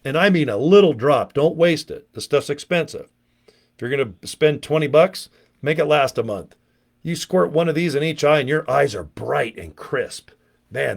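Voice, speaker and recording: A middle-aged man giving a casual, pushy sales pitch to camera outdoors, talking folksy and checking in with "okay?" and "guys". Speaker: online business vlogger. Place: outdoors, windy.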